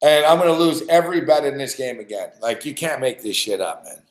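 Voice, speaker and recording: A man's voice: medium pitch, expressive, brisk, echoey room. A man ranting in a frustrated, profane way as he reacts live to a game he has bet on. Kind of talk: casual live reaction rant.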